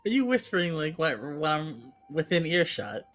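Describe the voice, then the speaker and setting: A man playing a tabletop game, speaking hesitantly with halting pauses. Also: on the high side, big pitch swings, fairly bright tone, faint music behind. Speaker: player. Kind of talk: casual tabletop chat.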